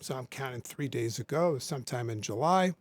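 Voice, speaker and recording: A man's voice: medium pitch, expressive, fairly quick, no room sound. A man in his forties, a podcast guest, telling an intense personal story and acting out both sides of remembered conversations. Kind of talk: emotional storytelling.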